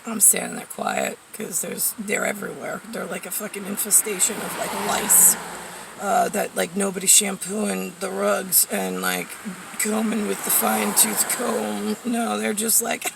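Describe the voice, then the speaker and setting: A woman's voice: medium pitch, fairly even intonation, unhurried, creaky, recorded from a distance, background noise. A woman vlogger rambling through a profane, sardonic monologue full of fillers, heard a little away from the mic. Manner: profane, sardonic ranting with frequent fillers and laughs.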